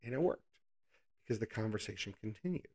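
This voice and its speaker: A man's voice: fairly low pitch, animated, quick pace, a little mellow. A man preaching a casual, conversational Bible lesson, asking the listeners rhetorical questions and adding playful asides.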